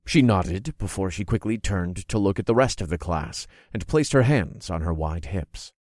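Deep-voiced man narrating a story. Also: moderate pace, no echo, studio quality. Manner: expressive, groaning and cursing in character. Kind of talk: first-person audiobook narration.

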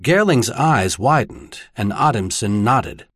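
Man, audiobook narrator, husky tone, lively expressive reading. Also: mid-range voice, slow, no room sound, clean studio sound. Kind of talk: scripted narration.

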